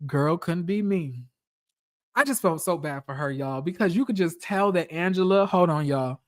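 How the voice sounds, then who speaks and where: A man giving chatty, animated recap commentary on a reality show, talking straight to his viewers. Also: fairly high pitch, normal speed.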